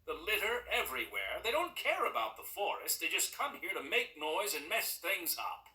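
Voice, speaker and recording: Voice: medium pitch, very animated, normal speed, pushed and bright, voice pushed up. A reader voicing a nervous man who stammers and hesitates, in a storybook read-aloud. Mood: flustered.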